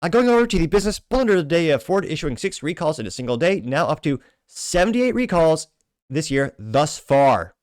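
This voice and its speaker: A man's voice: a little high, big pitch swings, a little fast, no room sound, clean studio sound. A man hosting a commentary podcast, reading social media replies aloud with sardonic asides and frequent self-corrections. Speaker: show host.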